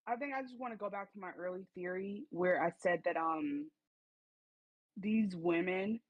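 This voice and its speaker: A woman's voice: lowish voice, moderate pace, dull audio. A woman co-hosting a podcast, giving blunt opinions in slangy casual chat with lots of fillers. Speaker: podcast co-host.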